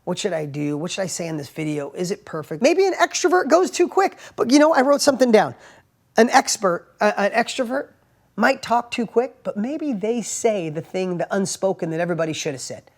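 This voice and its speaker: Animated man giving a casual motivational talk. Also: high-pitched, brisk. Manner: animated, emphatic storytelling with rising bursts and hushed asides; plain everyday wording, frequent "right?" tags. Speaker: motivational speaker and entrepreneur host.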